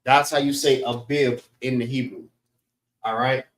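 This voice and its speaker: A man's voice: medium pitch, moderate pace. Guy teaching a laid-back class, mid-range voice, keeps saying all right, echoey room. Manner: relaxed, repeats "all right" between points. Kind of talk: informal scripture class lesson. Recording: roomy echo.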